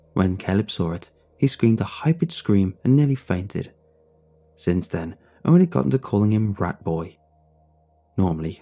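A man narrating a scripted horror story in a measured, reflective way. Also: fairly low pitch, vocal fry, mellow, husky. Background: faint music.

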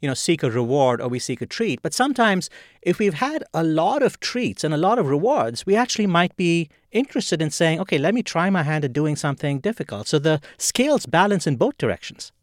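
A man's voice: fairly high pitch, sing-song, a little fast, no room sound, clean studio sound. A man hosting a podcast, interviewing a guest in a thoughtful, conversational way. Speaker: podcast host.

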